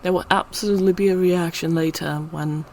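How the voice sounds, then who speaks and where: Teary woman just rambling to the camera, voice a bit low, slips into whispers now and then. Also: steady tone, fairly quick, a little mellow, slight background noise. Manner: emotional, on the verge of tears, drops to whispers at times. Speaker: channel host. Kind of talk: unscripted personal ramble.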